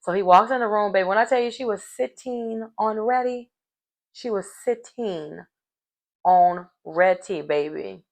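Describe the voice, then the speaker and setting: A woman giving a sassy, animated casual recap of a reality show, calling her listeners "baby" and "honey" and laughing as she goes. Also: medium pitch, unhurried. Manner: sassy, animated storytelling with terms of endearment; laughs mid-sentence.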